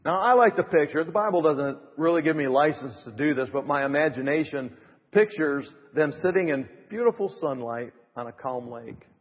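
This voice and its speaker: A middle-aged man preaching a sermon as pastor, building to emphatic rising phrases and dropping to soft asides. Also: a little high, normal speed. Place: church. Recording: reverberant, dull church recording.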